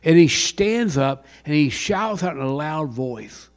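An older man preaching a sermon, dropping to a hush and then rising to a shout. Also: fairly high pitch, animated, a little slow, few pauses. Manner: dramatic swings from hushed to shouting. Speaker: pastor. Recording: long hall reverb.

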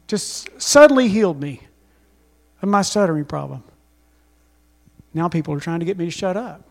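Man, pastor, sermon, emphatic storytelling, calls for congregation replies, very high voice. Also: expressive, normal speed, vocal fry.

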